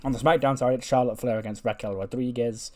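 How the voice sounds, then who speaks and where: Man, game commentary, rambling, lots of fillers, middle pitch. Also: steady tone, fast talker.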